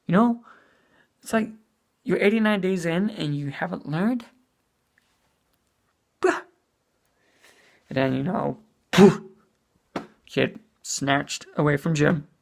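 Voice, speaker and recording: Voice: mid-range voice, expressive, slow pace, gravelly, long pauses. A speaker giving a casual spoken movie review as an exasperated rant, full of "you know" and swearing.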